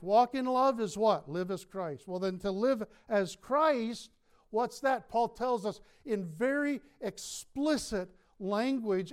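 A male pastor preaching a sermon in a church, emphatic, with slow stressed words and light chuckles. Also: high voice, clear, resonant tone. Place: church sanctuary.

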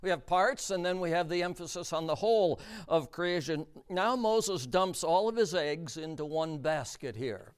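A man preaching a sermon, emphatic and deliberate, repeating key words for stress. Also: a little high, animated, smooth.

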